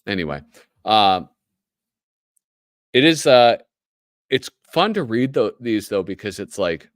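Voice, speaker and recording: A man's voice: fairly low pitch, big pitch swings, slow, no echo, studio quality. A man with a Midwestern American accent, hosting a casual livestream, chatty and joking as he reads aloud. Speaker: host.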